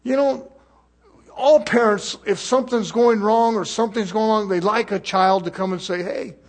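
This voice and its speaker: A man preaching a sermon emphatically, swinging between loud and soft and throwing rhetorical questions at the congregation. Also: high voice, fairly even intonation, moderate pace.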